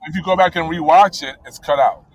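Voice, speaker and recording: Rambling man with a higher voice. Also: a little fast, no echo, rough recording. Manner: rambling with many fillers, blunt and profane. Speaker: podcast co-host. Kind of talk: casual wrestling chat.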